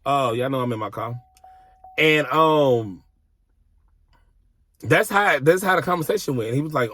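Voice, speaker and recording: A man's voice: medium pitch, animated, unhurried, long pauses, fairly bright tone, no room sound. A man telling a personal story in a casual vlog from his car, blunt, exasperated and heavy on profanity.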